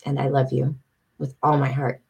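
A woman's voice: very deep voice, flat delivery, normal speed, creaky, husky. A woman in her thirties hosting a livestream from home, chatting with viewers and reading her own writing aloud. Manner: emotional, chatty, reads aloud warmly. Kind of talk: casual livestream chat and poetry reading.

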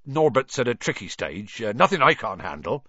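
A man voicing a huge, soft-hearted male gamekeeper who talks gruffly and gets tearful. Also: mid-range voice, sing-song, moderate pace, no room sound, highs cut off.

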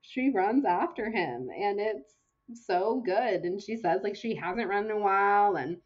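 A woman co-hosts a book podcast, gushing and excitedly retelling a beloved romance scene. Her voice sits at an ordinary middle pitch. The audio is a bit dull and lo-fi. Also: unhurried. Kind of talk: casual chat, gushing book recap.

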